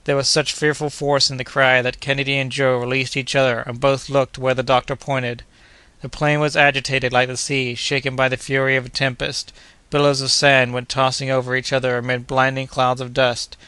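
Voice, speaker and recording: Bright, crisp male audiobook narrator. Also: medium pitch, no echo. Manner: steady, measured reading. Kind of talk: scripted narration.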